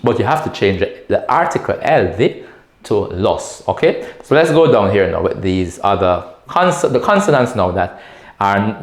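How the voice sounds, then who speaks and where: A man's voice: on the low side, echoey room. A man teaching a class at a whiteboard, patiently repeating each word and checking in with his students. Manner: patient, repeats words slowly and often checks with "right?". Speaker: Spanish teacher.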